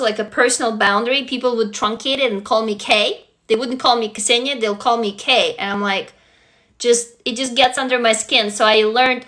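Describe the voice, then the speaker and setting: A woman's voice: sits high, sharp tone. A woman hosting a casual livestream, talking straight to her viewers, coaching them through writing prompts and gushing over each new arrival. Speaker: livestream host.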